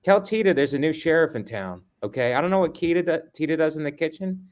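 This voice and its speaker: A man co-hosting a comedy podcast, teasing his partner in a deadpan way during casual chat. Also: on the high side, fast. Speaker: podcast co-host.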